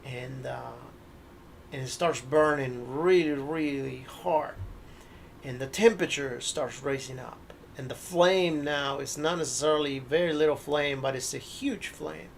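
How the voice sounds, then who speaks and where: A man narrating a tabletop horror game as game master, telling the scene slowly with hesitant restarts. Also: on the high side, vocal fry, a little hiss or hum. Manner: slow, hesitant storytelling.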